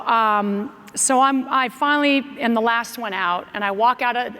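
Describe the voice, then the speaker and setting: An American keynote speaker with a medium-pitched voice delivers a motivational storytelling speech in a large conference hall, where long reverb echoes around her. She tells her stories with energy, acting out her own lines and those of other people.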